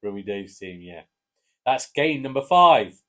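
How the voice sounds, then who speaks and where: A man with an English accent casually chatting through football match predictions, relaxed and hesitant with fillers. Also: medium pitch, a little slow. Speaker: co-host giving match predictions. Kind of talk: casual chat.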